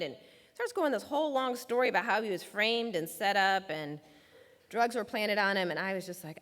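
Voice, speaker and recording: A woman's voice: medium pitch, lively intonation, normal speed, a bit bright. Woman telling a story in a hall. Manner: storytelling, acts out quoted voices. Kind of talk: prepared public talk. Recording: long reverb of a large hall.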